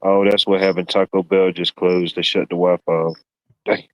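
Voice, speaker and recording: A man's voice: low-pitched, flat delivery, moderate pace, no echo, poor audio. A man hosting a casual live stream, joking and rambling, peppering his talk with "you know what I mean". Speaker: stream host.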